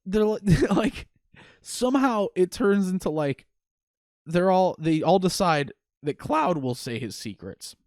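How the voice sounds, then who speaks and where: A man's voice: high-pitched, expressive, measured pace, darkish tone, dry recording, studio quality. A young man hosting a podcast, ranting in a casual, exasperated way with plenty of swearing. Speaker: podcast host. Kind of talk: casual chat.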